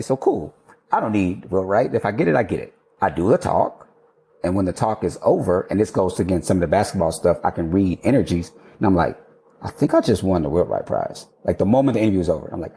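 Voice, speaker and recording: A man in his thirties, an architect guest telling stories in a casual interview, animated, laughing and swearing freely. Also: fairly low pitch.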